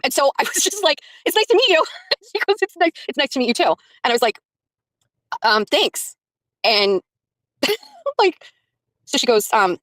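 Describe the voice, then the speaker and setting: A woman's voice: a little high, a bit bright, no room sound, rough recording. A woman streamer casually recounting a story to her viewers, acting out both sides of the conversation and laughing often. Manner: chatty, retells by acting out quotes, laughs often. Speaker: streamer covering a court trial.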